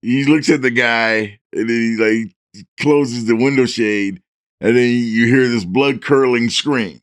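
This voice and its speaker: A man's voice: medium pitch, slow pace, clean tone, dry recording. Podcast co-host: a man who tells stories with animation, acting out voices, in a dry room. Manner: animated storyteller who acts out the characters' lines; stammers and restarts in bursts. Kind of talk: casual chat, storytelling.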